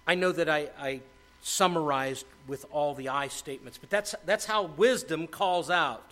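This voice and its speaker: A middle-aged man delivers a sermon from the pulpit. His voice is bright and forceful and sits a little high for a man. He talks in restarts and rises into animated preaching. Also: normal speed. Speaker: pastor.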